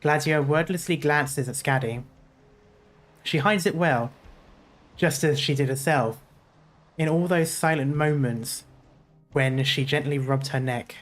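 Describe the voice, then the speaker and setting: A man's voice: a little high, unhurried, pauses often. Man reading game lines aloud. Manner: earnest, steady reading with small slips. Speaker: gaming YouTuber.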